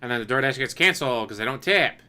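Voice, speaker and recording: A man giving casual, sarcastic commentary as a streamer, mocking with quick impressions. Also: medium pitch, expressive, pushed and bright, clean tone.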